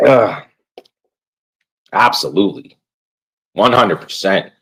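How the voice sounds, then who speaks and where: A man's voice: on the low side, lively intonation, slow pace, a bit bright, slightly rough, poor audio. A man streaming live, ranting casually while he plays a game, swearing often and padding his talk with "like". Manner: rambling, swears constantly, fills with "like". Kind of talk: casual profane rant while gaming.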